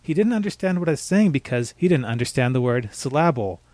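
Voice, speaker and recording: A man giving a scripted pronunciation lesson, spelling out words letter by letter and slowly demonstrating the sounds. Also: fairly high pitch, animated, mellow, dry recording. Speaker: language teacher.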